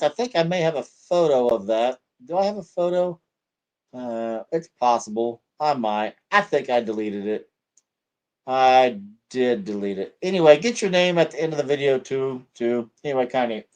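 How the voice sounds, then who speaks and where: A man hosting his own video channel chats in a casual vlog style, upbeat and full of fillers. His mid-range voice is animated and a little mellow, and he speaks at a moderate pace.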